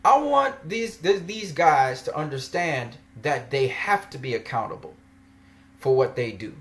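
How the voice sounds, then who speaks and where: A man's voice: mid-range voice, measured pace. A man vlogging a ranting commentary, argumentative and mocking, laughing often as he makes his case.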